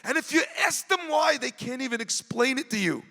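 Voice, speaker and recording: A man, a rabbi, giving an impassioned storytelling speech at an event, rising at times to shouts. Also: extremely high pitch, lively intonation, a little fast, in a large hall. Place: large event hall.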